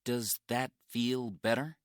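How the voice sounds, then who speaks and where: Man voicing a calm young hero in a storybook, firm and reassuring, slow and deliberate delivery. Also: medium pitch, no echo, clean studio sound, pitched above the performer's own voice, close to an everyday voice. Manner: urgent, reassuring. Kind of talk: storybook reading.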